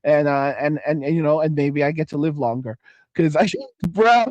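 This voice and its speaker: A middle-aged man hosts a casual livestream, talking back to viewer comments in a rambling, profane way and tripping over his own restarts. His voice sits a bit high for a man. The sound is dry and close, with no room echo. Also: normal speed, a little mellow, muffled recording. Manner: profane, rambling, self-interrupting. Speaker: livestream host.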